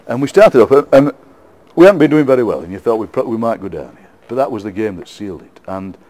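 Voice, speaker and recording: A middle-aged man with a broad Yorkshire accent tells animated stories in a relaxed interview. He laughs often and doubles back on his words mid-sentence. His voice sits at an ordinary pitch. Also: fast talker. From England. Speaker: interview guest, poet. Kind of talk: casual storytelling interview.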